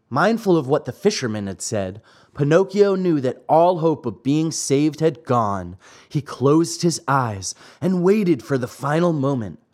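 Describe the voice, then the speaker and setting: A man hosting and narrating an audiobook of a classic fairy tale, reading in an expressive way. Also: fairly high pitch. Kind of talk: storybook narration.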